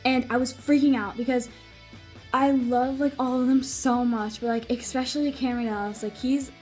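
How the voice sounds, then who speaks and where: Brief: young female vlogger, high voice, excited rambling storyteller, faint music under. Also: normal speed. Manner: gushing, many filler "like"s. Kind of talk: casual storytelling vlog.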